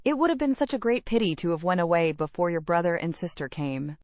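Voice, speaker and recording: A woman's voice: fairly low pitch, big pitch swings, fast talker, darkish tone, no room sound. A woman voicing a gushing, sly young lady. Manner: eager, insinuating chatter.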